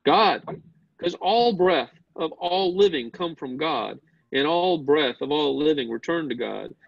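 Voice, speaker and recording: A man teaches a Bible class, explaining step by step, questioning the class, and often repeating words as he begins a sentence. His slightly high voice is expressive and creaky at a measured pace, on a muffled recording with no room sound.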